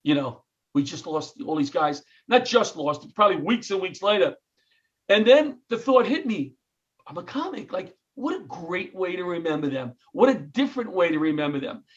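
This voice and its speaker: A New York man with a high, light voice, spinning an animated story and acting out what everyone said. The sound is dull and muffled, like a call recorded on a laptop. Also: moderate pace. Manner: animated storyteller, acts out quotes, self-interrupting. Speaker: comedian and retired firefighter. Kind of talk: interview storytelling.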